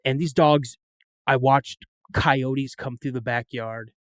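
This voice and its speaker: A man's voice: mid-range voice, fairly even intonation, slow pace, dry recording. A middle-aged man telling a story as a podcast guest, rambling and often repeating and restarting his words. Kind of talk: storytelling in an interview.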